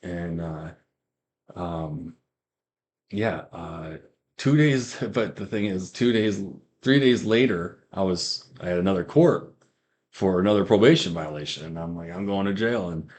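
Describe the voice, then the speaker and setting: A man with a fairly low voice tells his story in a loose, rambling way. He circles back over the same words and acts out the lines of the people in his story. It sounds like casual spoken testimony rather than a prepared speech. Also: unhurried, darkish tone. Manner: rambling storyteller who repeats himself and acts out quoted lines. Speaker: guest giving a faith testimony.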